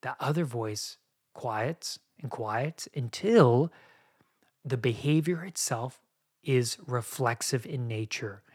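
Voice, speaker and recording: A man in his thirties talks through his own recovery on a podcast, earnest and confessional. His voice sits at an ordinary middle pitch, and he often circles back and restarts his phrases as he works through a thought. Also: slow pace, breathy edge. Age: 30s. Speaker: podcast host. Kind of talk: personal recovery monologue.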